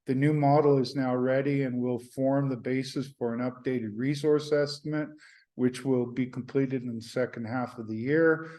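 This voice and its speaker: Male commentary host with a flat, warm delivery and a hesitant, filler-heavy way of speaking. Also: medium pitch, moderate pace. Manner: hesitant, many fillers and restarts. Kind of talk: solo market commentary.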